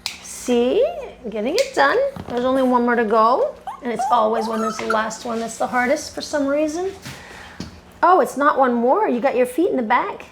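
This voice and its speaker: Female groomer, gravelly fry, a bit high, chatty tutorial voice, coaxing then firm with a dog. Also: lively intonation, normal speed, background noise. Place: grooming table indoors.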